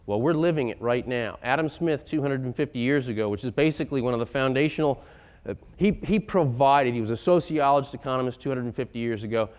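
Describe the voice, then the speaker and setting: A man giving an emphatic lecture-style talk on economics, building to loud, insistent points. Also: mid-range voice, smooth. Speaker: economic speaker.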